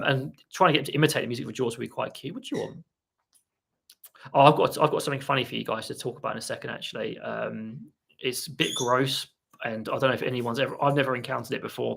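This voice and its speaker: Speaking in a gravelly mid-range voice, a man streams live from home about parrot training. He rambles casually, reads out viewer comments, and talks gently to his birds.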